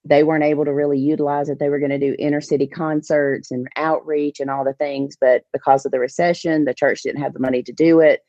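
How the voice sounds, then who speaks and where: A woman's voice: low voice, fast talker, few pauses, dry recording. Woman telling a story on a podcast. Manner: animated storyteller, acts out others' lines. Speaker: guest, fishing tournament organizer. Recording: dull, dry podcast audio.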